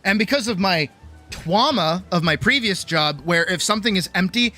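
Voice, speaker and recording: A woman streamer telling a casual, animated story, swearing freely and acting out other people's lines. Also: on the low side, fairly quick, soft background music. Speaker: streamer and artist.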